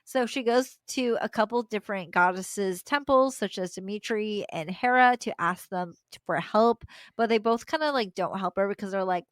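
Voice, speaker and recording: A woman's voice: medium pitch, normal speed, no room sound. A young adult woman, a podcast host, retelling a story casually with slangy asides and frequent laughter.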